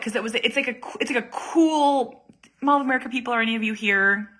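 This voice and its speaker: A woman in her thirties, a mother chatting casually to viewers, self-deprecating and quick to laugh. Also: a little high, pushed and bright. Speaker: vlog host and mother.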